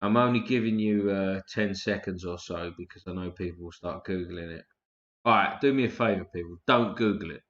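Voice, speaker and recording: A man's voice: low-pitched, a little fast, a bit bright. A man hosting a casual live stream, chatting loosely and swearing freely while tired and yawning. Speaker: livestream host. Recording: roomy, dull lo-fi stream audio.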